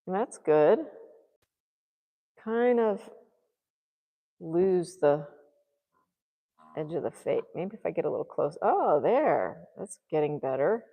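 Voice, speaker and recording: A woman's voice: fairly low pitch, animated, takes it slowly, pauses often, breathy edge, long reverb tail, phone-quality sound. A woman artist vlogging as she paints, musing and muttering to herself and encouraging herself along. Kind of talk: thinking aloud while painting.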